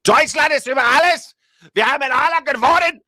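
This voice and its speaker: A man's voice: very high voice, brisk, bright, forceful tone, no echo, clean studio sound, pitched above the performer's own voice. A man voicing a ranting dictator-style orator in a mock German accent, barking his lines.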